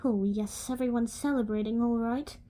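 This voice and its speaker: A woman's voice: high-pitched, measured pace, mellow. A woman voicing a stern, irritable older woman professor with an attempted accent. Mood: impatient.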